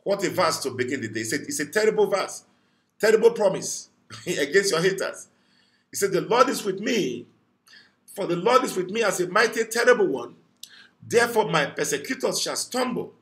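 A fervent pastor with a high-pitched voice leads a morning prayer. He preaches in repeated declarations and breaks into praying in tongues. He calls his listeners to decree the verse aloud. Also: expressive, normal speed, a bit bright. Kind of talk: morning devotional prayer and sermon.

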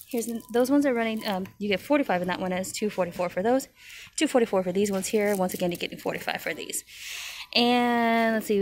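A woman's voice: medium pitch, darkish tone, slight background noise. A woman narrating a casual walkthrough of store shelves, reading out prices and cooing over cute items. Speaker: shopping vlogger. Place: large retail store aisle.

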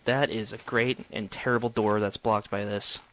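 A man's voice: fairly low pitch, steady tone, moderate pace, fairly bright tone, a little hiss or hum. A young man giving solo gameplay commentary, chatty and sarcastic, talking to the objects he digs at. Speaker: gamer.

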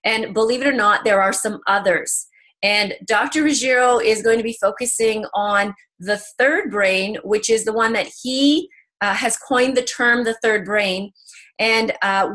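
A woman's voice: mid-range voice, a bit bright. A woman introducing speakers as host of an online event, reading a formal introduction.

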